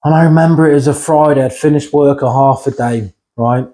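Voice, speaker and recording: A man's voice: mid-range voice, steady tone, brisk, dark tone. A man, telling his own life story bluntly in an interview, swearing now and then and often checking in with the listener. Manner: blunt and frank, swears, keeps checking in with "right?". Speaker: interview guest. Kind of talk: candid personal storytelling.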